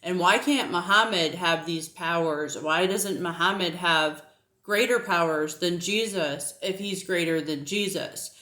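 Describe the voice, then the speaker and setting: A woman's voice: on the low side, unhurried, pushed and bright, echoey room. A woman with a faint Southern American twang, talking casually about faith, laughing often and using many fillers. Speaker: Christian apologetics video host. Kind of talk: casual teaching monologue.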